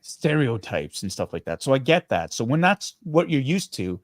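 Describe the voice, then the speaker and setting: Interviewed casually, the middle-aged actor from Canada is earnest and lively, frequently beginning sentences again. The recording is clean studio audio without echo, and his mid-range voice keeps a normal pace.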